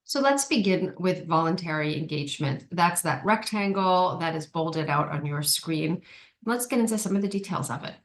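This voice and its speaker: A woman's voice: fairly low pitch, animated, normal speed. A woman giving an online training presentation, explaining steps carefully with frequent ums and small restarts. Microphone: video call.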